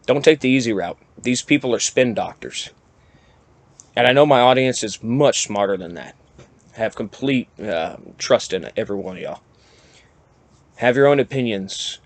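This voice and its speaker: Male podcast host, mid-pitched, rambling and self-deprecating, gets animated when worked up. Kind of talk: casual monologue.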